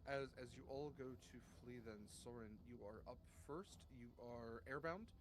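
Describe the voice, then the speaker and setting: Man, game master, easygoing tabletop narration, mid-pitched voice. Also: normal speed, background noise.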